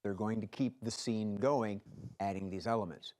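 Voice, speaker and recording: A man's voice: on the low side, moderate pace, a little mellow. A man hosting a live improv comedy show, calling for audience suggestions in a playful, jokey way. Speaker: improv game host.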